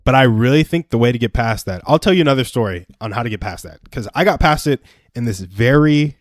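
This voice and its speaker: A man's voice: medium pitch, lively intonation, fast, no echo, studio quality. A young adult man hosting a live stream, giving earnest, self-deprecating advice through personal stories in a casual chat.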